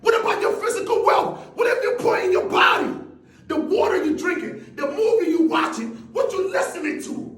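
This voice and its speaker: High-voiced man shouting motivation. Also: lively intonation, echoey room, some chatter behind. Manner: intense, often shouting, rapid rhetorical questions. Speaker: motivational speaker. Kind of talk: motivational speech.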